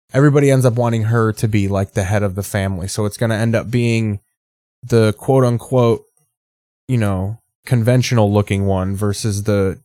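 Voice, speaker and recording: A man's voice: on the low side, dark tone, dry recording. A man giving profane, sarcastic reaction commentary on a TV drama.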